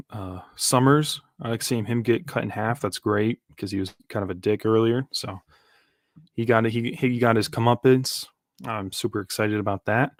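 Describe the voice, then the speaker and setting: A man's voice: medium pitch, no room sound. Guy rambling thru a live manga reaction, lots of ums and restarts, dry sound. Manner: rambling, casual, many fillers and restarts. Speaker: streamer.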